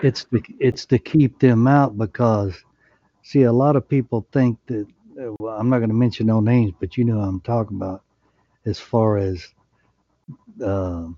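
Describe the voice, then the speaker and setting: A man's voice: on the low side, fairly even intonation, a little slow, long pauses, warm tone, no echo. A man speaking earnestly on a community call, praying aloud and chatting. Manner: earnest, prays aloud with repeated words. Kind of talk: casual chat and spoken prayer. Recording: dry, muffled lo-fi call audio.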